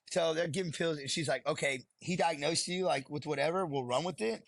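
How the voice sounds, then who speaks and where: A man's voice: fairly high pitch, quick pace, hardly any pauses, a bit bright, no echo. A middle-aged man, a podcast guest telling his story bluntly and profanely, rambling as he goes. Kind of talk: candid storytelling.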